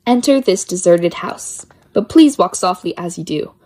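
A woman's voice: on the low side, animated, moderate pace, warm tone. A woman reading children's poems aloud with a lilting, playful sing-song delivery. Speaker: poetry reader.

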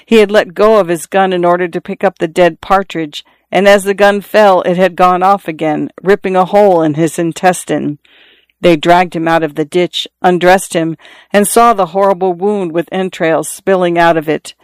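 A reader narrating a classic short story in a measured, steady way. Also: mid-range voice, smooth, dry recording. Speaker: audiobook reader.

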